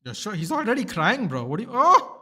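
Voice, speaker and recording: A man hosting a live cricket watchalong, reacting excitedly and shouting at big moments with slangy asides. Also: high voice, quick pace, breathy edge. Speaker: watchalong host.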